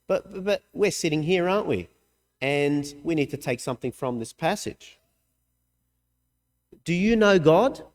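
A man preaching a sermon, earnest and emphatic, swinging between raised, urgent lines and quiet, low asides. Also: lively intonation, a little slow, long pauses. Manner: earnest, emphatic, with sudden swings in pitch and loudness. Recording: hall reverb.

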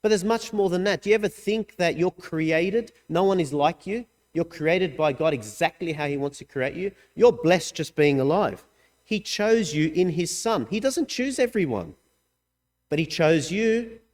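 A man preaching a sermon, earnest and emphatic, swinging between raised, urgent lines and quiet, low asides. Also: expressive, moderate pace. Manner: earnest, emphatic, with sudden swings in pitch and loudness. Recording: hall reverb.

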